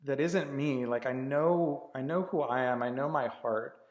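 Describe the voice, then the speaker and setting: A man's voice: medium pitch, normal speed. A man coaching in a candid, earnest way, casually dropping swear words and circling back on his phrases. His mid-range voice rings through a room with a long, lingering reverb. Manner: candid and earnest, swears freely, many restarts. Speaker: life coach. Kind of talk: casual motivational talk.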